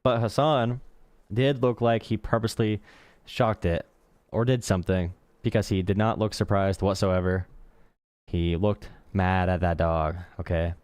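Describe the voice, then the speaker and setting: A man's voice: low voice, fairly even intonation, unhurried, a little mellow, smooth, no echo. A man hosting a live stream, giving blunt, sarcastic commentary and repeating himself for emphasis. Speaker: streamer host.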